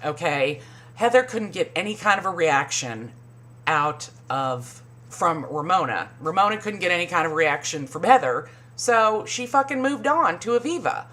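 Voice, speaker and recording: A woman recapping a reality show in casual, profane commentary, sarcastic and mocking. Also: fairly bright tone. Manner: sarcastic, swears a lot, mimics people in high voices.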